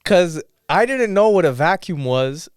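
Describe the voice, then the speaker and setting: A man's voice: high-pitched, lively intonation, a little slow, clear, resonant tone, no room sound, clean studio sound. A young man hosting a podcast in casual chat, laid-back and slangy, laughing often. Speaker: podcast host.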